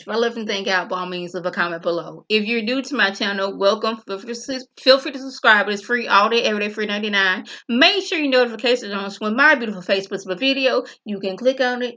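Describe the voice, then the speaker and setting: A woman's voice: mid-range voice, sharp tone. A woman reviewing a TV episode in a casual, chatty vlog, talking straight to her viewers and acting out the characters' lines as she retells the scenes.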